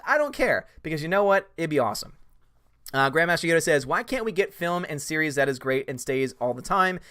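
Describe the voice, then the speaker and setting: Animated man hosting a live chat stream. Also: fairly high pitch. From United States. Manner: animated, jokey, reads viewer comments aloud.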